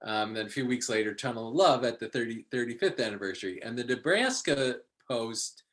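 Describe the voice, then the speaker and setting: A man chatting as a podcast guest, animated and laughing often. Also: medium pitch, a little fast. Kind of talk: casual chat.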